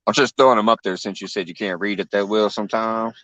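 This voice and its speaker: A man's voice: fairly low pitch, steady tone, fast talker, bright, forceful tone, no room sound, low-quality recording. A man hosting a casual livestream chat, easygoing, laughing often and reading out viewers' names. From Illinois. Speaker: livestream host.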